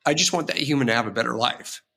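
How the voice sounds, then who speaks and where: A man's voice: mid-range voice, quick pace, creaky, pushed and bright, breathy edge. A man, a real estate agent guest on an interview podcast, telling rambling, vivid personal stories with frequent restarts. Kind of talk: casual storytelling interview.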